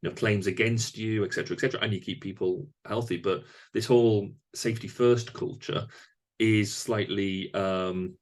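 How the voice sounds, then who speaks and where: A man hosting a podcast, his voice sitting on the low side. He talks in a thoughtful, conversational way, pausing on fillers and restarting sentences as he works out his points. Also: steady tone. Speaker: podcast host. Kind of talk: conversational interview.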